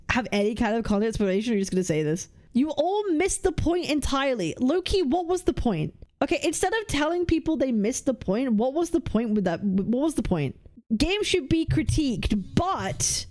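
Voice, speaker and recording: Woman, streamer, reaction commentary, blunt, profane, fairly high voice. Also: darkish tone. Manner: blunt, heated and profane, arguing with chat.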